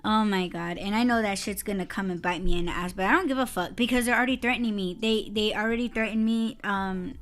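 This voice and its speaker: A woman's voice: mid-range voice, fast, few pauses, soft background music. A woman co-hosting a casual podcast, telling a story in a heated, profane way and breaking into laughter. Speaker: podcast co-host.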